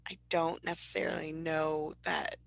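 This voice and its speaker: A woman co-hosting a podcast in casual chat, animated and loud, laughing often. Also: low voice, moderate pace, vocal fry, rough recording. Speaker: podcast co-host.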